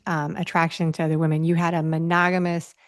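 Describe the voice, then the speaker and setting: A woman's voice: low-pitched, little pitch movement, fast talker. A woman hosting a podcast, asking questions conversationally and rephrasing them as she thinks aloud. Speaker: podcast host. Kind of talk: conversational interview.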